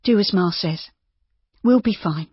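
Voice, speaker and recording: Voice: medium pitch, a little slow, husky, no room sound, pitched above the performer's own voice. An audiobook narrator voicing an anxious young woman who pleads with the men around her. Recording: dull lo-fi dry.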